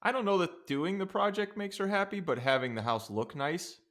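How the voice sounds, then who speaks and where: A young man co-hosting a podcast, telling a relaxed, rambling story in casual chat with plenty of swearing. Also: high-pitched, moderate pace. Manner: laid-back storytelling with frequent swearing. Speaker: podcast co-host.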